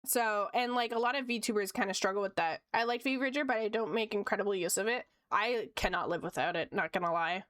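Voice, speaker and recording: A woman's voice: mid-range voice, brisk, hardly any pauses, a bit bright, no room sound, studio quality. A woman streamer chatting casually, answering chat with frequent giggles.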